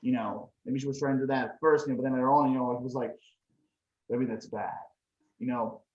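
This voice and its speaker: A man's voice: medium pitch, fairly even intonation, fairly quick. Male podcast co-host from Croatia; casual, rambling delivery, echoey muffled recording. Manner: rambling, many fillers like "you know". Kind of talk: casual movie review chat. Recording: echoey room, dull lo-fi sound.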